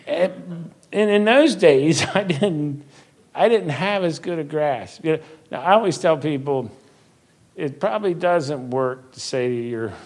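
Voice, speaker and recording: An older man, a Christian minister, telling stories and teaching in a conversational way, earnest and quick to laugh, slowing down for emphasis. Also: medium pitch, a little mellow. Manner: earnest storytelling, laughs easily, slows for emphasis. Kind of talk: conversational faith talk.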